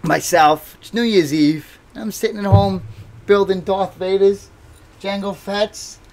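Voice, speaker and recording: A man in his thirties talks casually on a live stream from home. His voice sits a bit on the high side. He rambles through stories and pokes fun at himself. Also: steady tone, measured pace. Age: 30s. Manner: rambling, self-mocking, bursts into loud laughter. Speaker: livestream host and boxer.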